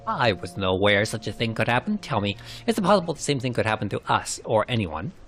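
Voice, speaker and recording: A man voicing a curious young male adventurer in a game cutscene, asking quick questions. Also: fairly low pitch, sing-song, a bit bright. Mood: concerned. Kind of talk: narrated game cutscene reading.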